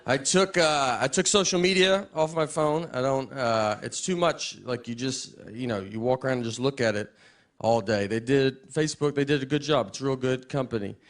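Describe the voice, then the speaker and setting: A middle-aged man doing a stand-up comedy set in a deadpan, halting style, with many restarts. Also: mid-range voice. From Tennessee. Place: live comedy venue. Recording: live set with crowd laughter and noise.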